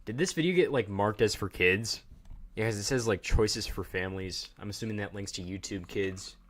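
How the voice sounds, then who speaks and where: A man with a fairly low voice hosts a casual livestream. He rambles from thought to thought, cracks jokes and talks directly to his chat. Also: moderate pace, fairly bright tone, a little hiss or hum. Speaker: livestream host.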